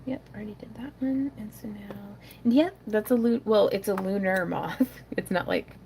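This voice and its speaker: A middle-aged woman hosting a crafting livestream, chatting casually and muttering soft asides to herself while she works. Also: medium pitch, normal speed, slight background noise.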